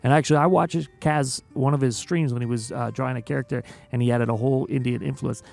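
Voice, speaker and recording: Male host for a casual stream chat. Gravelly mid-pitched voice, animated and quick to laugh, with faint music in the background. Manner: animated storyteller, laughs often. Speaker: interview host.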